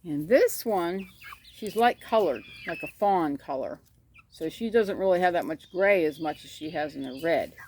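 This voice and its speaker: A woman's voice: on the low side, animated, normal speed, darkish tone, a little hiss or hum. A woman chatting about her backyard chickens, rambling and cooing at the birds, recorded outdoors on a phone. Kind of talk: casual chat. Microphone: phone camera.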